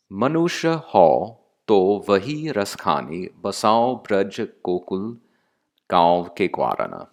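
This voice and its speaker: Slow, deep-voiced male lecturer. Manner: slow and deliberate, with pauses and fillers. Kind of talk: explanatory lecture.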